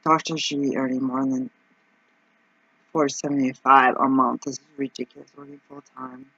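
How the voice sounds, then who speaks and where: A woman's voice: extremely low pitch, flat delivery, normal speed, fairly bright tone, husky, no echo. Anxious rambling woman vlogger, lo-fi sound. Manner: anxious, rambling, talks to herself, frequent ums and exclamations. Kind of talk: casual vlog, thinking aloud over budget.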